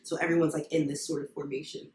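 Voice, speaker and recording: A young woman who served as a Marine, chatting casually as a podcast guest and telling her stories in an animated way, often laughing. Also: deep voice, fast talker. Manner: animated storytelling, frequent laughs. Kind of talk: casual chat. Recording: echoey room, faint noise.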